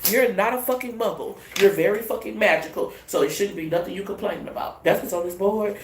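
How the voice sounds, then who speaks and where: A woman giving a casual tarot reading in a brash, profane, animated way. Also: mid-range voice, brisk, reverberant, slight background noise. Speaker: tarot reader.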